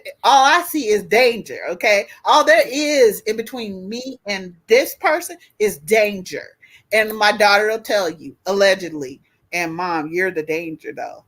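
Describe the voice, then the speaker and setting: A woman in her fifties co-hosting a casual discussion, talking bluntly and profanely with a fired-up edge. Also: fairly high pitch. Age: 50s. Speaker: podcast co-host.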